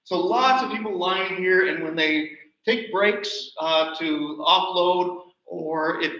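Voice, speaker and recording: A man giving a chatty, animated slide show talk about a birding trip. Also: high-pitched, takes it slowly. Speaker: presenter. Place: nature center hall. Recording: roomy, distant, dull livestream audio.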